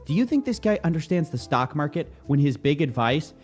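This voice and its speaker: A man's voice: fairly high pitch, a little fast, soft background music. A young man hosting a show, giving sarcastic, jokey commentary on video clips. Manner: mocking, animated, jokey. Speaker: host.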